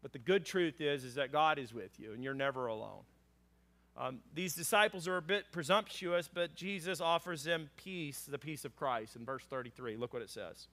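Animated preaching man, slightly high voice. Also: normal speed. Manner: animated, conversational preaching with frequent "um" and "uh"; acts out scripture characters in a raised voice. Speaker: pastor. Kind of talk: sermon.

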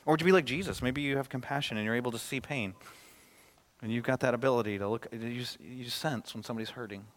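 A man preaching a sermon as a pastor, swinging between loud, emphatic lines and hushed, quiet ones. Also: mid-range voice, quick pace. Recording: reverberant hall.

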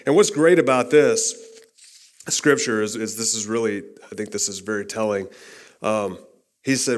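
A man preaching a sermon in a conversational way, often restarting phrases and adding tag questions, and dropping softer and lower when he quotes scripture. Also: normal speed.

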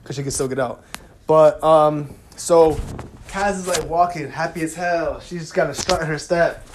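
A young man with a slightly raised voice tells a story in a loose, excited way. His speech is full of slang and swearing, and he skips details with filler syllables. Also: fairly high pitch, moderate pace, slight background noise. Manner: animated, slangy, profane storytelling; fills gaps with "da, da, da". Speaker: TV recap vlogger. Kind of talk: casual episode recap.

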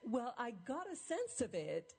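A woman hosting an interview, asking thoughtful, drawn-out questions. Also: a little high, huge pitch swings, gravelly, a little mellow, slightly rough. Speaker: interview host.

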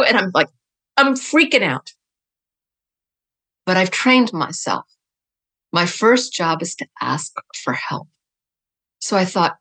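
A middle-aged woman, a writer and teacher, chatting as a guest in an interview, telling lively stories and laughing often. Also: mid-range voice, measured pace, pauses often. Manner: animated storyteller, laughs often, loose and chatty. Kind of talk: conversational interview.

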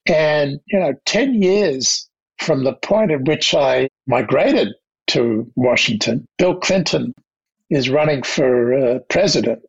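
Older Australian man, gravelly and husky, reflective interview guest, slightly dull recording. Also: mid-range voice, lively intonation. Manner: anecdotal, measured, with restarts. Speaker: guest, diplomat.

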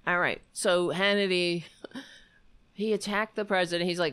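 A woman's voice: lowish voice, sing-song, moderate pace, a bit bright, smooth. A woman hosting a heated political commentary show, talking in an indignant, sarcastic way and swearing freely.

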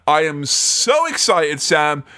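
Playful man trading jokes on a film podcast. His voice sits a bit high and rings bright, and he keeps teasing his co-host. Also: sing-song, takes it slowly. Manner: playful, jokey. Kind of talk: casual film podcast chat.

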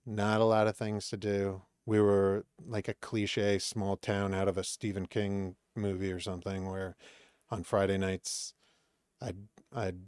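A man from Maine telling stories as a podcast guest, animated and acting out the voices of people in his anecdotes. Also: fairly low pitch, unhurried, clear, resonant tone, no room sound, studio quality. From Maine, USA. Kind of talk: casual storytelling chat.

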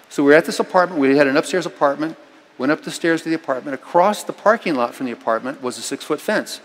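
Animated preacher in a reverberant church. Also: male voice, a little high. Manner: storytelling, animated with sudden loud emphatic lines. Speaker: pastor. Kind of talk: sermon. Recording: long reverb of a church hall.

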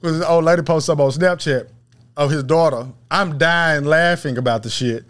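High-voiced man laughing through a story. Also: a little fast, a bit bright. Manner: laughing, slangy, retells texts. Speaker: podcast co-host. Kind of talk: casual podcast banter.

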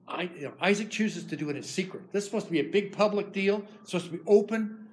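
A man preaching a sermon, retelling a Bible story in an animated, lively way. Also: high-pitched, quick pace, a little hiss or hum.

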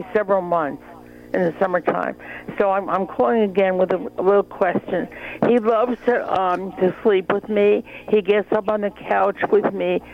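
A woman with a New York accent calling in to a radio show, friendly and a little hesitant. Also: mid-range voice. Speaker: caller. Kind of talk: phone-in chat. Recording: dull phone line.

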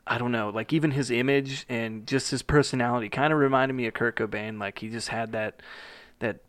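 A man's voice: mid-range voice, fairly even intonation, a little fast, a bit bright, no room sound. A young man co-hosting a podcast, telling loose stories full of swearing and quoted voices in casual chat. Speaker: podcast co-host.

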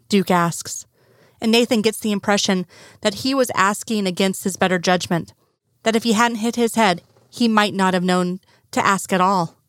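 A woman narrates a fan fiction story as an audiobook narrator, keeping a steady, even storytelling manner. Her medium-pitched voice moves at normal speed in a dry, clean studio recording.

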